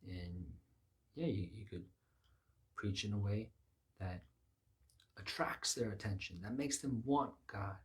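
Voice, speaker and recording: A man gives an informal sermon in a lowish voice. He speaks earnestly and conversationally, working through his thoughts aloud as he teaches. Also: a little slow, long pauses. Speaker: preacher.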